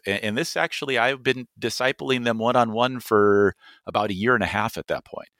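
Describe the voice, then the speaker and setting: A man with a fairly low voice tells a long story as a podcast guest, often restarting his sentences and voicing the people he quotes. His tone is bright and forward, and the sound is close and dry. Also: no echo. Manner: earnest, many restarts and quoted dialogue. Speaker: missionary guest.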